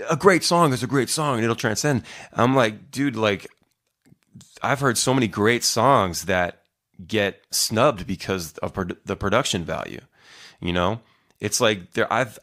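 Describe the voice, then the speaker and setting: Lowish and fairly bright with vocal fry, this middle-aged man's voice carries his own solo podcast as a musician host. He talks casually, rambling and cursing, with plenty of fillers and false starts.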